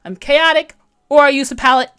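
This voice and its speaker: Woman, thirties, high voice, giggly, rambling, self-deprecating, livestream tutorial chat. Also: steady tone, a little fast, a bit bright. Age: 30s. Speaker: webcomic artist streaming a tutorial. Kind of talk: casual livestream chat, reading comments.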